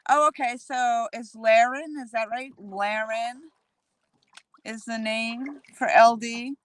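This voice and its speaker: A woman's voice: a little high, fairly even intonation, slow. A woman vlogger chatting casually to her live-stream viewers while paddling a kayak outdoors on a lake, speaking into a handheld phone. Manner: chatty, talks straight to viewers. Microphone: handheld phone camera.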